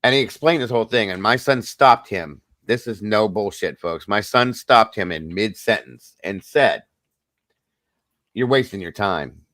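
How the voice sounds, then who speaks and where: Low-voiced middle-aged man telling a story. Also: moderate pace, few pauses, a bit bright, no echo. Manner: earnest personal storytelling, talks straight to viewers. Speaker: host. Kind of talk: casual livestream chat.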